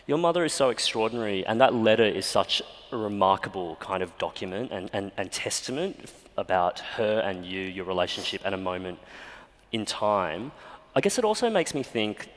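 A man's voice: lowish voice, animated, moderate pace, a bit bright. A man with an Australian accent hosting a live stage interview, moved and thoughtful. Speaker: host. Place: festival stage. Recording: long hall reverb.

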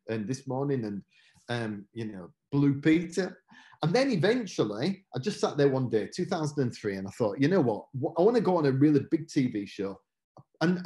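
British guy doing a motivational talk, jokey about himself, lively up and down voice. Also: medium pitch. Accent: British English. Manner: chatty, self-mocking, acts out quotes. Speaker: motivational speaker.

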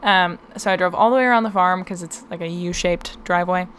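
A woman's voice: lowish voice, brisk, a bit bright, a little hiss or hum. A young woman hosting a podcast, telling a story in a casual, chatty way, laughing often and filling her talk with "um" and "like". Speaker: podcast host.

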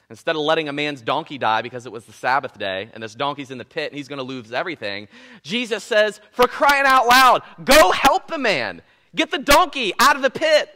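A man preaching a sermon in a church auditorium, animated and conversational, joking with the congregation. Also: sits high. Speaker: pastor.

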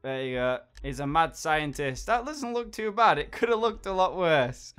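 A man's voice: fairly high pitch, lively intonation, normal speed, hardly any pauses, fairly bright tone, clean tone, soft background music. A British man hosting his gaming channel, chatting casually and mocking himself as he thinks aloud while building. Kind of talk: casual gameplay commentary.

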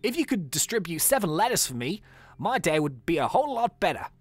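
A man's voice: high voice, sing-song, a little fast. A man voicing a frazzled, overworked male postman in an attempted Australian accent, as an exaggerated put-on impression. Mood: pleading.

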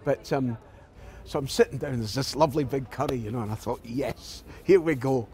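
Speaking at a moderate pace in a mid-range voice, this Glaswegian actor from Scotland shares anecdotes in an interview, animatedly voicing the people in his stories. A little hiss or hum can be heard.

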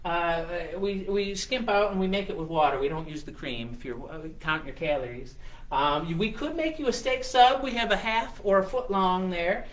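A man's voice: high voice, normal speed, fairly bright tone, reverberant, recorded from a distance. A man voicing a chatty small-town diner waitress who calls customers hon and shug.

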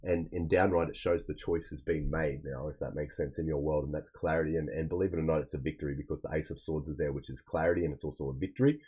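A man's voice: extremely low pitch, fairly even intonation, fast, hardly any pauses, dark tone, breathy edge, rough recording. A man giving a casual, rambling tarot reading, often repeating himself and checking in with "okay?". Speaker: tarot reader.

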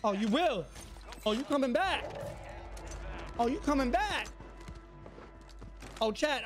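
A man's voice: extremely high pitch, very animated, unhurried, pauses often, over music. A man streaming a shooter game, trash-talking other players in a swaggering, mock-menacing way and repeating his taunts. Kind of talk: trash-talking gameplay commentary.

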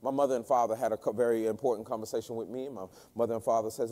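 A man preaching a sermon as guest minister, swinging between loud emphasis and hushed tones and repeating phrases. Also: mid-range voice, steady tone, rapid-fire, few pauses, big-room sound. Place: church sanctuary.

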